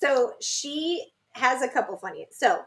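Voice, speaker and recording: A woman's voice: high-pitched, sing-song, a little slow, fairly bright tone, slight background noise. A young woman co-hosting a podcast, chatting casually and retelling movie scenes with laughter. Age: young adult. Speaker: podcast co-host. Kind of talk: casual chat.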